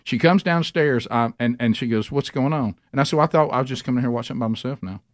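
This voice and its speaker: A man's voice: medium pitch, fast, no echo, studio quality. A man hosting a radio show, telling a rambling story with lots of restarts. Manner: rambling, self-interrupting storyteller. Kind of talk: casual talk radio storytelling. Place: radio studio.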